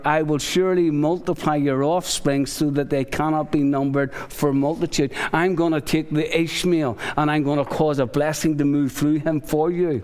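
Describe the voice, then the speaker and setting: A man with a high voice preaching a lively sermon, slipping into the voices of biblical figures. His voice rings out through a large church hall with a long tail of reverb. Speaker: pastor.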